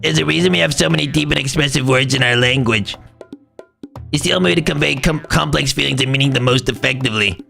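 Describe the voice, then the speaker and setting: A man's voice: mid-range voice, fast talker, creaky, bright, forceful tone, soft background music. A man voicing a formal, bookish teenage girl from a story game in a prim, wordy way. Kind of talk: voice acting while reading a game.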